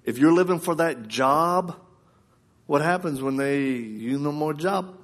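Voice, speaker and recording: A man's voice: a little high, measured pace. A man preaching at a live service, telling a story with lots of laughter and acting out the voices of the people in it. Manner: animated, laughing storyteller who acts out quoted voices. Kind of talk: storytelling sermon.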